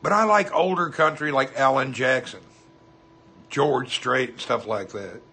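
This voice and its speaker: A man's voice: mid-range voice, a little slow, creaky, sharp tone, breathy edge. A man with a Southern US accent, chatting casually on a livestream, reading viewer comments and greeting people by name in a folksy way. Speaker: livestream host.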